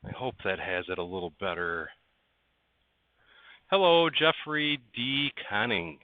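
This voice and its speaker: Low-voiced man on a tinny stream. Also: big pitch swings, unhurried. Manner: chatty, greets viewers by name, coaxes parts while working. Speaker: livestream host. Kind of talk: casual livestream chat while building. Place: workshop barn indoors. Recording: dry, tinny phone-like sound.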